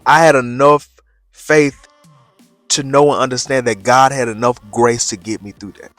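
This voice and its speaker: A man's voice: medium pitch, steady tone, normal speed, fairly bright tone, dry recording, soft background music. A young man, talking loosely in a casual vlog and reflecting on faith with preacher-like emphasis. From Birmingham, Alabama, USA. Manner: loose and chatty, repeats phrases, preacher-like emphasis. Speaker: faith vlogger.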